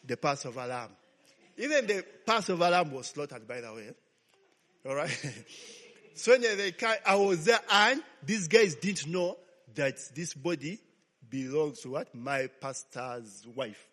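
A man's voice: on the high side, lively intonation, measured pace, fairly bright tone. A man preaching a sermon as a pastor, telling a story and checking in with "okay?" after nearly every line. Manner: call-and-response, frequent "okay?" checks. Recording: long hall reverb.

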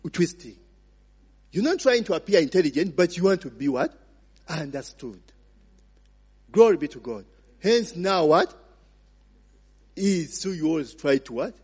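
Ugandan preacher, lively husky voice, big hall. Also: male voice, high-pitched. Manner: prompts the congregation to finish his sentences; mixes in Luganda phrases. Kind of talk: sermon with call-and-response questions. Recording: long reverb of a large hall.

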